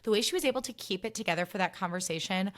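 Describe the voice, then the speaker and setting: A woman's voice: mid-range voice, rapid-fire. A young woman hosting her own podcast, chatting in a gushing, swear-filled way full of "like". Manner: gushing, chatty, heavy use of "like", swears freely. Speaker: podcast host. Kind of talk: casual solo podcast recap.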